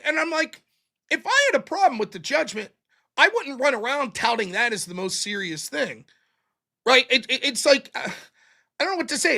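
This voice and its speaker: An American man with a high-pitched, sharp-toned voice hosts a live-streamed talk show. His casual debate chat is profane, and he often mimics other people in mocking voices.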